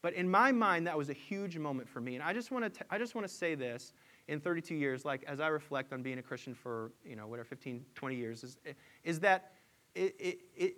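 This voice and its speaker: Preacher guy in his forties telling a story in a sermon, kinda higher voice, gets loud and punchy. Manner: storytelling, builds to loud emphatic peaks. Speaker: pastor.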